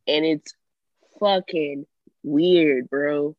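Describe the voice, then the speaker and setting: A woman co-hosting a podcast in casual chat, joking bluntly with crude slang and loud laughs. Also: deep voice, fairly even intonation, very slow, no echo. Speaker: podcast co-host. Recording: dull dry sound.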